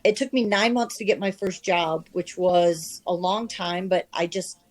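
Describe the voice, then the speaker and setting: A woman in her fifties from the American Midwest, a sports reporter telling her career stories in an interview, animated and self-deprecating. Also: lowish voice, measured pace, rough recording. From Midwest of the United States. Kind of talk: candid conversational storytelling.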